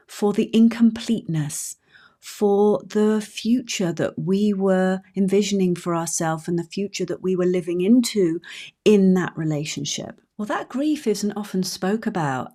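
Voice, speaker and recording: A woman in her fifties, a relationship coach hosting her own podcast, speaking in a gentle, heartfelt, personal way. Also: medium pitch. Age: 50s. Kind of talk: reflective solo podcast talk.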